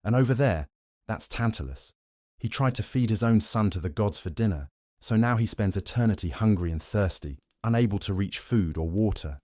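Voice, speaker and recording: A man's voice: lowish voice, animated, normal speed, darkish tone, dry recording, clean studio sound, lightly acted. A man voicing an awkward male god of the dead who chats like a salesman giving a home tour. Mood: eager.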